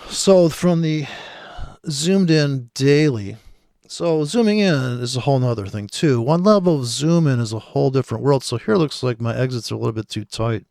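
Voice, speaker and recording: Male trader talking over charts, gravelly voice, dry close mic, rambling and sarcastic. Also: mid-range voice, lively intonation, moderate pace, a little mellow, dry recording. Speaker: forex trader. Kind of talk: casual screen-share trading commentary.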